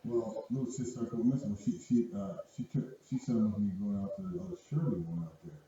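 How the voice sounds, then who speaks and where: A man's voice: on the low side, fast talker, warm tone. An older man telling a long rambling story with lots of swearing and stammered restarts. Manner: profane, repetitive, stammering restarts. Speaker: storyteller guest. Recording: dull lo-fi audio from a far, very echoey room.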